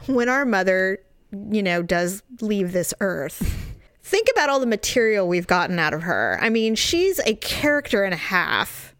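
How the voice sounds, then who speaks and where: A woman in casual chat with her sister, opinionated and quick to laugh. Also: medium pitch, clean tone, no echo. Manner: animated, opinionated, laughs often. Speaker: sister of the other speaker.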